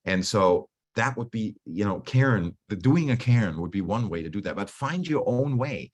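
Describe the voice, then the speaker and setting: A man coaching a group on stress in a relaxed, conversational way over a video call, often restarting his sentences and acting out his own inner dialogue. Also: lowish voice, normal speed. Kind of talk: online talk on stress.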